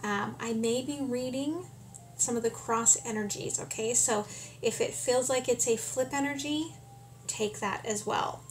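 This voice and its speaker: A woman talks through a tarot reading with a slightly high voice. She is very slow and calm and keeps checking in with "okay?". A faint hum of noise sits behind her. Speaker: tarot reader.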